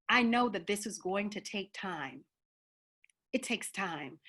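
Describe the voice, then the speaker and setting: A woman's voice: medium pitch, a bit bright. Woman, slight country twang, earnest and direct personal statement, video call audio. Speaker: opera singer and panel guest.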